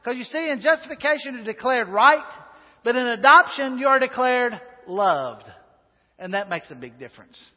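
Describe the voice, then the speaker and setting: A man's voice: very high-pitched, very animated, fairly quick. A man preaching a sermon in a church, folksy and chatty, with asides and fillers. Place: church sanctuary. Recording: dull sound with long hall reverb.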